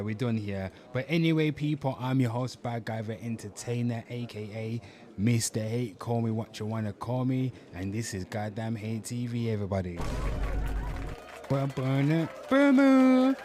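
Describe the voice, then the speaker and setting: Young dude hosting, loud and crude, keeps yelling "people", plugging merch. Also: male voice, medium pitch, moderate pace. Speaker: host. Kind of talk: brash comedic channel talk.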